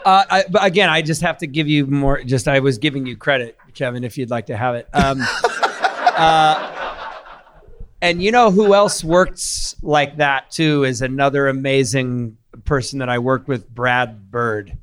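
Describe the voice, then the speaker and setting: A man speaking as a guest in a casual chat, halting and repeating words as he gets his thoughts out. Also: medium pitch, a bit bright, clear, resonant tone. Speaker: actor, guest.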